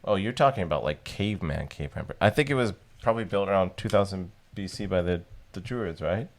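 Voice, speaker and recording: A man co-hosting a podcast, chatting casually with sarcastic, deadpan jokes. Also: low voice, brisk. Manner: joking, sarcastic, deadpan asides. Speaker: podcast co-host. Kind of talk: casual chat.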